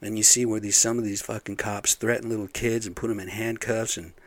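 A man's voice: lowish voice, little pitch movement, brisk, dry recording. A middle-aged man ranting casually, angry and profane, rambling with lots of fillers. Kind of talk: casual rant.

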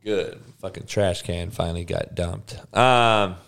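Slow and low, with a creaky yet slightly bright quality, this man's voice carries a profane, no-nonsense sports rant. He's the podcast's host, responding to his live chat as he goes.

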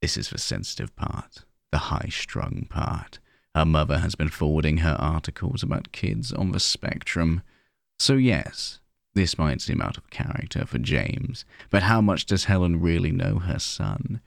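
Deep, gravelly male storyteller. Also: animated, dry recording, studio quality. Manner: slow, measured and hushed. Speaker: narrator. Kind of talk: scripted narration of a horror short story.

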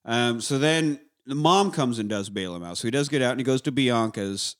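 Animated man retelling a movie. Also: medium pitch, fairly quick. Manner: animated retelling, acting out lines with voices; swears freely. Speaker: podcast co-host recapping a film. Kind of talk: casual chat.

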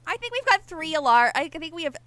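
Young-sounding woman player, high and bright, giggly, curses casually. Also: fast, a little hiss or hum. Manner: laughing, lively, swears casually. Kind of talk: casual tabletop play.

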